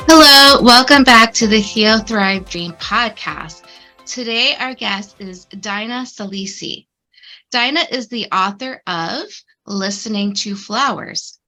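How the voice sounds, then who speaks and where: A woman's voice: on the high side, sharp tone, poor audio. A middle-aged woman hosting a therapy podcast, upbeat and direct with her guest. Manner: upbeat, apologetic laughter, direct questions. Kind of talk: casual interview chat.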